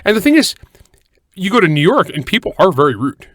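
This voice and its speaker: A man's voice: sits high, very animated, fairly quick, a bit bright, no echo, studio quality. A man from California co-hosting a podcast, chatting casually in a rambling way with joking asides and frequent self-corrections. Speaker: podcast co-host. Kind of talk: casual chat.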